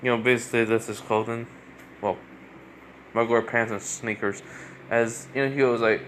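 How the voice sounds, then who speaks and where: A man casually talks his way through a fan story, rambling and restarting often. His voice sits at an average pitch. A faint hiss lies behind him. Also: flat delivery, normal speed, pauses often, a bit bright. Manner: rambling, many fillers and restarts.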